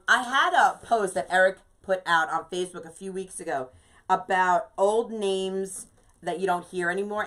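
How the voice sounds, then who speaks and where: A woman's voice: medium pitch, a bit bright. A woman in her fifties leading a live craft tutorial, chatty and emphatic, greeting viewers by name as she works. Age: 50s. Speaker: craft instructor and shop owner.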